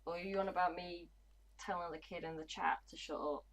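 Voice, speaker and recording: A woman's voice: on the low side, fairly even intonation, fairly quick, low-quality recording. A woman, chatting casually and bluntly on a gaming livestream. She swears freely and mutters to herself as she plays. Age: 20s. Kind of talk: casual livestream chat while playing.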